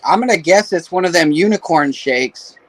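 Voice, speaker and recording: A man's voice: on the high side, expressive, normal speed, dry recording. A man in casual chat, rambling through stories and crude jokes.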